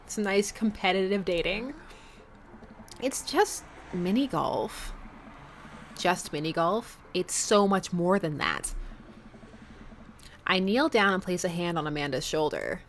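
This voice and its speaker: A woman's voice: mid-range voice, big pitch swings, moderate pace, a bit bright. Woman streamer reading a game aloud, chatty and joking, bit of hiss behind. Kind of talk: let's play commentary and reading game text.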